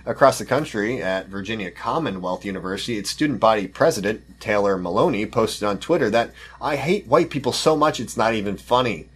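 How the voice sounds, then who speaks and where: A man's voice: lowish voice, expressive, a little fast, hardly any pauses, husky. A man hosting a podcast, reading news articles aloud and commenting on them in a sarcastic, mocking way. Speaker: podcast host.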